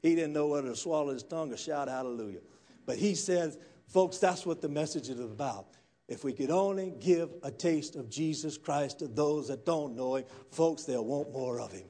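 A male preacher, delivering a church sermon as a folksy storyteller who swings from quiet murmurs to loud, fired-up preaching. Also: medium pitch, moderate pace. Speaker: guest pastor. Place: church sanctuary.

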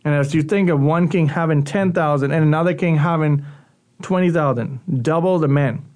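A man's voice: on the high side, moderate pace, a little mellow. A male youth pastor giving a radio sermon talk in a conversational, earnest teaching manner.

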